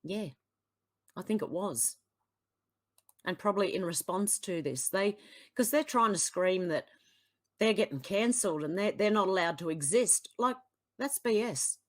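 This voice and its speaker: An Australian woman talking straight to camera as a political vlogger, blunt and exasperated. She reads posts aloud, then cuts in with scathing asides, her voice sitting at an ordinary middle pitch. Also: lively intonation, unhurried, pauses often. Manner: exasperated, blunt, swings between sighs and outbursts. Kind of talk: reading posts aloud and reacting.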